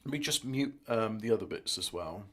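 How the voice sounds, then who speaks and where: A man's voice: on the low side, expressive, a little fast, a little hiss or hum. A man chatting casually while editing audio as a music producer, rambling and mocking himself as he thinks aloud. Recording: music playing loudly alongside.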